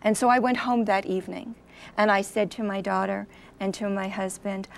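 A middle-aged woman giving a personal testimony in an interview, an animated storyteller who acts out the voices she quotes. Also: medium pitch, normal speed, gravelly, a little hiss or hum. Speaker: interview guest.

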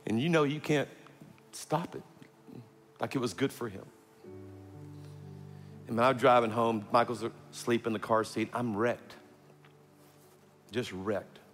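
A man's voice: medium pitch, a little slow, long pauses, fairly bright tone. A middle-aged man preaching a sermon, telling a personal story with humorous asides and acting out the voices he quotes. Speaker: pastor. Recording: long hall reverb, faint music.

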